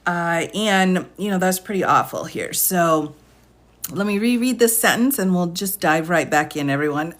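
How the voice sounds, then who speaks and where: A woman's voice: medium pitch, lively intonation, unhurried, fairly bright tone. Laughing, apologetic woman on a livestream. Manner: laughs often, apologetic, chatty. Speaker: live-stream host. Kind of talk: casual live-stream chat. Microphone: phone or computer mic.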